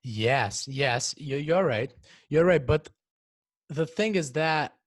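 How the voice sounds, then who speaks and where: Teenage boy explaining in halting bursts. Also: fairly high pitch, lively intonation, no echo. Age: teens. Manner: halting, repeats words while explaining. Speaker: podcast co-host. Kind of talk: casual podcast discussion.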